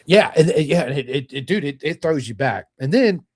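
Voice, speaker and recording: A man telling stories in a casual podcast chat, swearing freely and talking with animated energy. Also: fairly high pitch, fairly quick, slightly rough, no room sound. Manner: profane, animated storytelling.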